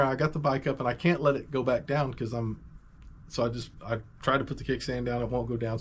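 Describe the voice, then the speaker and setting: A middle-aged man tells a personal story in a casual, animated way, with a medium-pitched voice. He talks plainly and acts out bits of the story as he goes. There is a faint noise in the background. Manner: animated, conversational, acts out moments.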